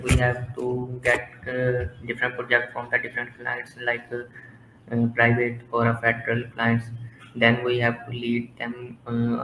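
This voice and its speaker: Man, interview guest, flat monotone, hesitant, echoey room, faint background noise. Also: medium pitch. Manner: hesitant, halting, many fillers. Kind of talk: casual interview.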